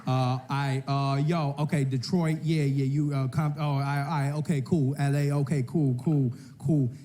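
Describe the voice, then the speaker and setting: A man voicing a brash, excitable male comedian who stammers and talks in slang. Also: medium pitch, unhurried, slight background noise, lightly acted. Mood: hyped.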